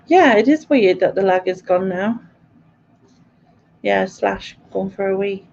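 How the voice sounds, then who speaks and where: A woman's voice: mid-range voice, animated, unhurried, creaky, a little mellow. A British woman hosting a casual live quiz stream, chatting with viewers and laughing often. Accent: British English. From Britain. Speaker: quiz host. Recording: dull lo-fi stream audio.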